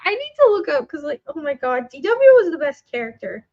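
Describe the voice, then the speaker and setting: Excitable high-voiced woman, lo-fi sound. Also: a little fast. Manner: excitable, swears often, laughs a lot. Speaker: podcast co-host. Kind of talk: casual chat.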